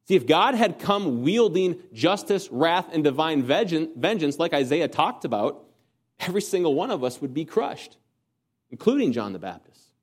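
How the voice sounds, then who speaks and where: A man's voice: sing-song, normal speed. Earnest man preaching a sermon. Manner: earnest, rising to emphatic peaks and dropping low; asks the congregation rhetorical questions.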